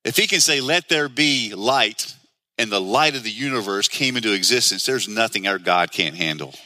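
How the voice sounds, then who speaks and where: A man's voice: on the low side, a little fast, bright, forceful tone, no echo. A man preaching a sermon in an earnest, conversational way, asking the listeners many questions. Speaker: pastor.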